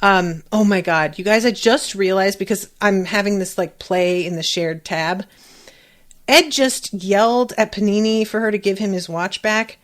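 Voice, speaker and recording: Woman podcast host, casual reaction chat, animated, swears freely, mid-pitched voice. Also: normal speed.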